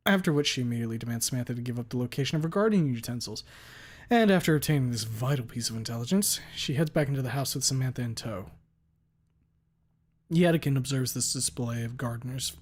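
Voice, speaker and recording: A man reading a visual novel aloud in the first person, with a steady, even delivery. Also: mid-range voice. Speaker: narrator.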